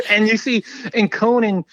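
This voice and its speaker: A man's voice: high-pitched, slow, sharp tone, highs cut off. A man talking as a podcast guest in casual chat, rambling with lots of filler words.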